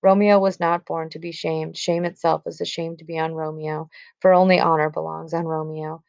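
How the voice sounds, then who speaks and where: A woman's voice: low voice, flat delivery, normal speed, gravelly, darkish tone, dry recording, dull audio. A woman reading the lines of a distraught, torn young bride from a classic stage play, in a plain reading voice. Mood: anguished. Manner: read aloud plainly from the script. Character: young teenage girl, newly wed, distraught and torn.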